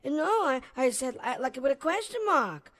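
A woman's voice: high voice, sing-song, moderate pace, fairly bright tone. A woman voicing a timid, stammering young schoolboy in a children's drama. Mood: flustered. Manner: stammering, hesitant.

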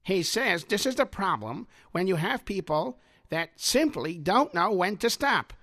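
A performer voicing a patient old grandfather in a children's drama, speaking in a gentle, measured, lecturing way. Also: medium pitch, big pitch swings, exaggerated voice. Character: patient old grandfather teaching his boys. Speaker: grandfather, Zadie.

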